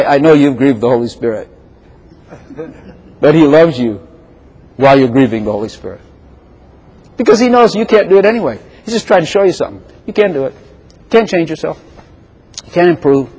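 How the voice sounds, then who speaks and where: Animated husky older man preaching in a hall. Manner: animated preaching, quoting scripture with sudden swings in pitch and volume. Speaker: pastor. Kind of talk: sermon.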